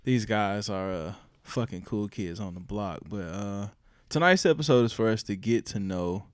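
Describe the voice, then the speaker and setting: A young man hosting a podcast in a loose, joking, profane way. His voice sits low, and the recording is completely dry, with no room sound at all. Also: normal speed, no room sound. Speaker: podcast host. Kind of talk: casual podcast chat.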